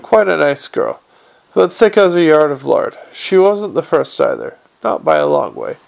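A man's voice: on the high side, sing-song, moderate pace, gravelly, exaggerated voice. A man voicing a sly, teasing old lady. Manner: dry, teasing, slyly blunt. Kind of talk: audiobook character reading.

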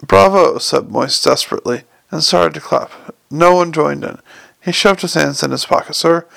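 A man narrates an audiobook in a slightly raised, gravelly voice. He reads steadily with occasional stumbles and restarts. The recording is dry and close, with no room sound. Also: fairly high pitch, normal speed, a bit bright, dry recording. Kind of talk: scripted narration.

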